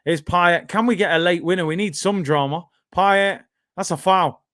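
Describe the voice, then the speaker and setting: A man with a British accent hosting a live football watch-along, bantering excitably and reading out viewer comments. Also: high voice, normal speed, no room sound, clean studio sound.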